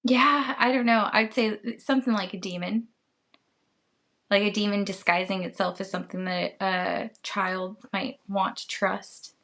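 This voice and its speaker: Slow-talking woman podcast co-host. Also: mid-range voice, fairly even intonation, fairly bright tone. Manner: unhurried, hesitant, full of filler words. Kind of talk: casual podcast chat.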